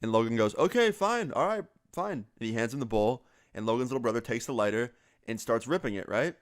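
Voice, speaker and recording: A young man casually telling a story, quoting his friends in quick back-and-forth with lots of "like" fillers. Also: medium pitch, steady tone, clean tone, no echo, studio quality.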